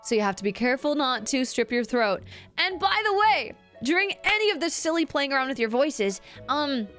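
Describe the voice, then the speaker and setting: A woman streamer giving a casual, rambling voice acting lesson to her chat, often dropping her voice low to demonstrate. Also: big pitch swings, a little fast, fairly bright tone, soft background music.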